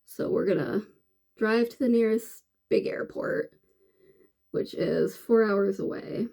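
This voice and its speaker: A woman's voice: mid-range voice, slow, vocal fry, warm tone. A woman vlogger chatting casually and rambling while she does her makeup, with many fillers and restarts. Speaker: beauty vlogger.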